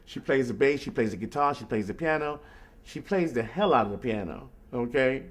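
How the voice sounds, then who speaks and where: On a casual call he's hosting, a man with a mid-range voice talks fairly quickly through a rambling, animated story about his life as a street musician. He keeps asking "you know what I mean."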